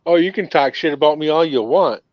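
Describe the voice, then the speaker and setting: On a video call, a Minnesota man with a Northern accent chats easily and casually. He speaks briskly at a fairly high pitch. The audio is dull and dry, with no room sound.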